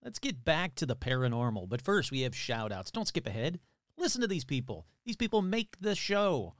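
A man hosting a paranormal podcast in a casual, upbeat, rambling way, reading off playful shout-outs. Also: on the high side, big pitch swings, normal speed, no echo, studio quality. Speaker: podcast host. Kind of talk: casual chat.

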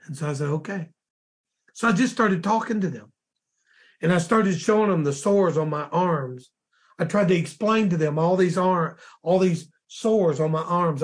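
A man, a minister, slowly recounting a dream in a sermon, halting and repeating words as he goes. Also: high-pitched.

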